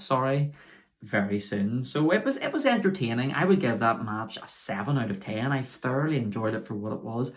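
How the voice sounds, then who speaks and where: A man reviewing an old wrestling show in a casual solo video, chatty and enthusiastic, often stopping to correct himself. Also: medium pitch.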